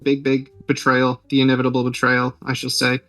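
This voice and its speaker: A man's voice: mid-range voice, completely flat delivery, a little fast, fairly bright tone, no echo, distant mic, soft background music, low-quality recording. A man hosting a podcast, retelling a film's plot in a rambling, joking way with lots of fillers. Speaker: podcast host. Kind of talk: casual movie recap.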